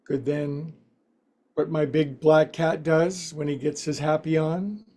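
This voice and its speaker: Folksy, mellow-voiced male yoga teacher. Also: fairly high pitch, steady tone. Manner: playful, folksy quips between slow cues. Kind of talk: guided yoga class instruction.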